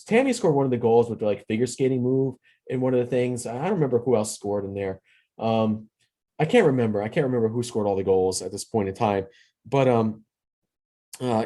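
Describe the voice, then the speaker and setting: Rambling mellow-voiced man reviewing a movie. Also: mid-range voice. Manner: rambling, retells scenes loosely with many restarts; earnest and sentimental. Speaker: podcast host. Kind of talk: casual solo movie review.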